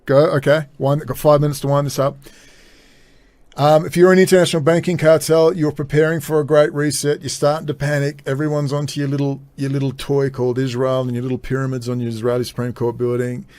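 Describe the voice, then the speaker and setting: A man's voice: medium pitch, flat delivery, fast talker, a little mellow, dry recording. A man hosting a solo podcast, rambling and blunt, swearing freely and trailing off mid-thought. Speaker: podcast host. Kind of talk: casual solo commentary.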